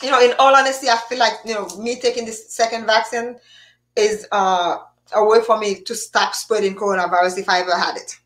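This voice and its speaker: A woman's voice: medium pitch, fairly quick. A woman hosting a casual live chat, talking freely with frequent restarts and bursts of laughter. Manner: animated, laughing, many restarts. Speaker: show host.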